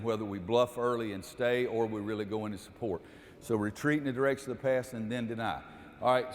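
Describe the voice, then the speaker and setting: An older male basketball coach runs a drill and teaches as he goes, switching between patient explanation and clipped, repeated calls. His voice sits at an ordinary middle pitch for a man. The recording rings with the long reverb of a large gym. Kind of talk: coaching clinic on court.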